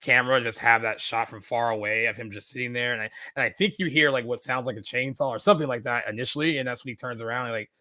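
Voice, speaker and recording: A man talking through a film in a casual podcast chat, rambling and full of fillers. His speech runs quick and bright. The sound is dry and close. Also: mid-range voice, steady tone, dry recording. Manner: rambling, many fillers and restarts. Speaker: podcast co-host.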